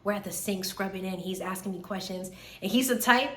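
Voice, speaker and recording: A woman in her twenties, a medical student vlogging in a casual, animated way, tired and still recovering from being sick, with lots of fillers and repeated words. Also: mid-range voice, a little fast. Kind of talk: casual chat. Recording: echoey room, faint background hiss.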